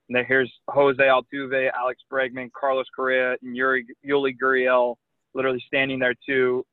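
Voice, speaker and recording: A young man, a professional pitcher, telling a lively anecdote in casual chat, full of "like" and "you know". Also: no echo. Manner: animated anecdote telling with many likes and you knows. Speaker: guest, pro baseball pitcher. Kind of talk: casual storytelling. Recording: tinny phone line.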